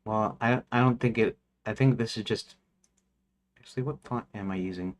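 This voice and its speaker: A man's voice: on the low side, moderate pace, slight background noise. A man streaming his game development work, thinking aloud as he goes, with restarts and counting under his breath. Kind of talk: casual work-along commentary.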